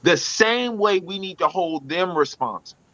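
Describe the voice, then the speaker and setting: Blunt podcast dude preaching his point, high voice, kinda dull dry mic sound. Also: lively intonation, normal speed, pushed and bright, no echo. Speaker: podcast co-host. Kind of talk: casual podcast debate.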